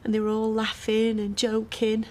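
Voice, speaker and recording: An actress playing a dry, sardonic barmaid. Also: female voice, a little high, monotone, normal speed, slight background noise, close to an everyday voice. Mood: upset. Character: wry, guarded young barmaid.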